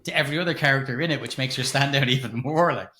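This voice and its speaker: A man's voice: medium pitch, very fast. A middle-aged man, co-hosting a podcast and retelling film scenes in casual, sweary chat. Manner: sweary, animated, retells scenes with quoted lines. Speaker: podcast co-host.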